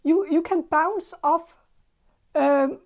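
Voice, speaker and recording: A woman reads tarot in a loose, unscripted way, often pausing, restarting her sentences and trailing off. Her voice sits high, with a mellow, dark tone and an unhurried pace. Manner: hesitant, many fillers and restarts, soft laughs. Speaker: tarot reader. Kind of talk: casual tarot reading.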